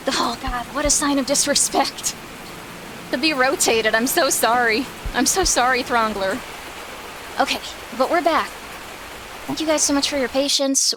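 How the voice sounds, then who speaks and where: High-voiced chatty woman streamer. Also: noisy background. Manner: rambling and chatty, full of filler words; giggly, breaks into small laughs. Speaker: streamer host. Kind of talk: casual live-stream chat. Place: home room with her cats.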